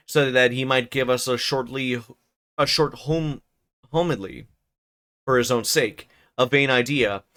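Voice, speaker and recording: Smooth-voiced man reading a novel aloud. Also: medium pitch. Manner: steady reading with stumbles, rereads and casual profane asides. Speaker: streamer narrating a novel.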